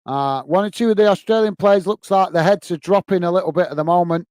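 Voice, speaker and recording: A man from England hosting a fan watch-along, giving excited live match commentary and reading out chat comments. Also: high-pitched, fast talker, smooth, no echo.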